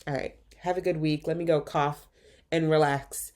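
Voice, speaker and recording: Congested woman with a low voice. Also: steady tone, moderate pace, a little mellow. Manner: candid, reflective, informal. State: congested with a cold. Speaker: podcast host and physician coach. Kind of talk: casual solo podcast talk.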